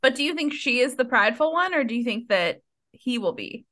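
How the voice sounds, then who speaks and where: Bright, lively woman podcast co-host. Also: on the high side, a little fast. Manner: animated, laughing, swears freely. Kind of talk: casual book-podcast chat.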